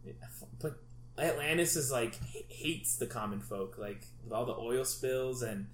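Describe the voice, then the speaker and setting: A man chatting casually, retelling a comic story in a rambling, excitable way with lots of fillers and swearing. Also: medium pitch, measured pace. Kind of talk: casual chat. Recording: echoey room with faint background noise.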